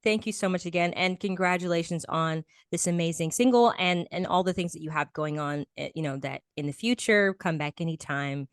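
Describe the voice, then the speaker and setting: Woman host, gushing and chatty with lots of restarts, lowish voice, dry sound. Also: brisk, hardly any pauses, clear, resonant tone, no echo. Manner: effusive, repeats praise, many restarts. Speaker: podcast host interviewing a guest. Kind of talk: casual interview chat.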